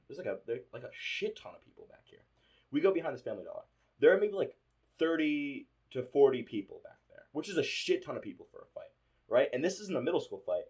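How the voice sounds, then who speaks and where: A man's voice: medium pitch, darkish tone, husky. A young man co-hosting a podcast, telling profane stories from his school days in casual chat and acting out the voices of people in them. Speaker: podcast co-host. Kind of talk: casual storytelling.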